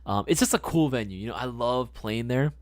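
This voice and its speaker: A young man hosting a casual live stream, talking loose and slangy, with the odd swear and a habit of saying things twice. His voice sits at an everyday middle pitch. The sound is close and dry. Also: expressive, brisk, dry recording. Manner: laid-back, slangy, swears, repeats phrases. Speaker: livestream host answering chat.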